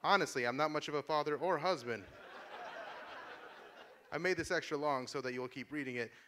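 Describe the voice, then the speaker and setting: Stand-up guy on a club mic, deadpan snarky delivery, bright pushy voice, bit of room hum behind. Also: a little high, fairly quick. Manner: sardonic, deadpan asides with sudden shouted outbursts. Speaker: stand-up comedian. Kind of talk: stand-up comedy set. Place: comedy club stage. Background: small audience laughing.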